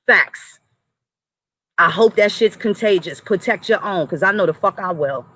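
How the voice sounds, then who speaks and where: With a sharp tone and a measured pace, the adult livestream host speaks in a mid-range voice as he directly berates chat and moderators with profanity and threats. The recording quality is low.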